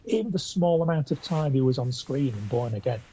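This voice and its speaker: A man with a mellow, slightly husky voice co-hosts a relaxed pop culture podcast. He talks with eager enthusiasm, though he often hesitates and restarts his sentences. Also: mid-range voice, a little fast, rough recording. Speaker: podcast co-host. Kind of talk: casual pop culture chat.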